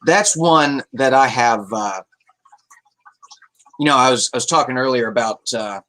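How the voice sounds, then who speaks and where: A man chatting on a casual livestream, rambling loosely and reading out messages from chat. His voice is bright and forward, and he swears in an offhand way. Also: medium pitch, measured pace, poor audio. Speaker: livestream host.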